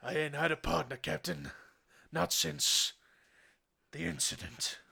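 A man voicing a cocky, reckless cop who answers with smug deadpan lines. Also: a little high, unhurried, vocal fry, breathy edge, pitched below the performer's own voice, full character voice. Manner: smug, deadpan one-liners. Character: cocky reckless male loose-cannon cop.

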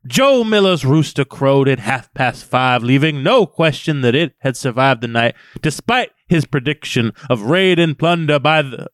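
A man's voice: medium pitch, animated, moderate pace, few pauses, a bit bright, dry recording, clean studio sound. A man co-hosting a casual book podcast, joking and laughing often while reading passages aloud. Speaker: podcast co-host.

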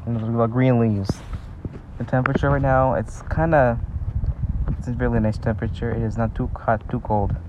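A man chatting in a casual, rambling vlog from a park, talking haltingly with lots of fillers. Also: medium pitch, steady tone, muffled recording, background noise. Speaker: vlogger. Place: outdoors in a park. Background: faint breeze and park ambience.

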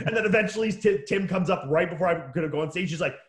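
Fast-talking man in an echoey room. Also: high-pitched. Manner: rambling storyteller, acts out quotes. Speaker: bodybuilder and podcast host. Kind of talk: casual chat. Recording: roomy echo.

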